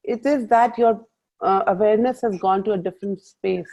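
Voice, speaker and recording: A woman's voice: mid-range voice, normal speed. A woman leading a group coaching call, telling stories animatedly and quoting her own thoughts. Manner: animated storytelling with quoted self-talk. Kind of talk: casual group coaching talk. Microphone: video call. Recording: muffled video-call audio.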